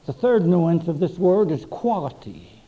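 Male preacher, dark mellow voice, lively pitch, slow and emphatic with dramatic pauses. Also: rough recording. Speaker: pastor. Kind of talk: sermon.

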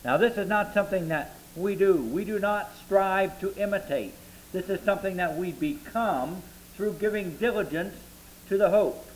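A man with a notably high voice preaches a sermon, working slowly through scripture verse by verse. He lingers on the words he wants to land, with a faint hum behind him. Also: poor audio. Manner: measured Bible exposition, slowing to stress key words. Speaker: pastor.

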